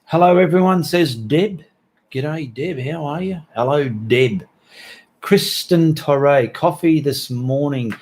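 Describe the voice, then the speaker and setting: A man's voice: on the high side, slow, a little mellow. A middle-aged Australian man hosting a live stream, reading out viewers' chat messages in a chatty, joking way full of Aussie slang.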